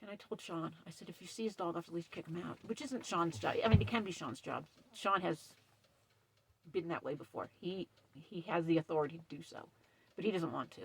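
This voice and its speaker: A middle-aged woman camp host in a casual vlog, upset and shaky, talking emphatically in a dark trailer. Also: low-pitched, vocal fry, a little hiss or hum. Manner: upset, emphatic, retells quarrel with stern quoted lines. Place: dark trailer at night with ring light.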